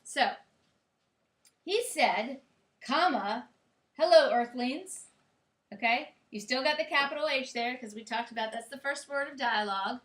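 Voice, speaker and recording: A woman's voice: high-pitched, moderate pace, a bit bright. A woman teacher giving a grammar lecture in a classroom, explaining step by step and checking in with her students. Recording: echoey classroom.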